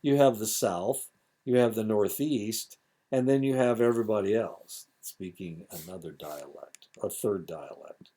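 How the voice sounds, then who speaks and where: A man in his seventies from Indiana lectures with his local accent, drifting into asides and filling pauses with "uh". His voice sits low and mellow, with a soft, husky edge. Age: 70s. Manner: rambling, digressive with many fillers. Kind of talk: recorded lecture.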